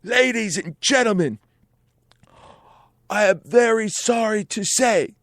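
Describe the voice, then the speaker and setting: Brief: man doing a put-on Irish rock frontman, grand showman delivery, pitched high, dry close sound. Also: animated, slow pace, fairly bright tone, no room sound, exaggerated voice. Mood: apologetic. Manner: grand, booming showman announcing. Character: Irish rock star announcing to a roaring stadium crowd.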